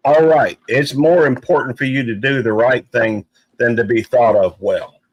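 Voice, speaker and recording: A man talks on a live chat panel with earnest emphasis, leaning hard on his key points. He also slips into playful teasing. His voice is mid-pitched and sounds dry and close to the mic. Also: normal speed, husky, no echo, muffled recording.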